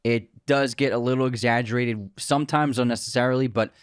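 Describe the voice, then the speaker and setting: A man's voice: medium pitch, fairly even intonation, fairly quick, clean tone, no room sound, clean studio sound. A man co-hosting a podcast in casual chat, agreeable, running the segments and handing out scores. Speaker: podcast co-host.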